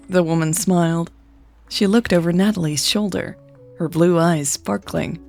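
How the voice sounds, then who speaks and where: A woman who hosts a podcast, reading a romance story aloud in a calm, even way. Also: lowish voice, normal speed, gravelly, soft background music. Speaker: podcast host and narrator.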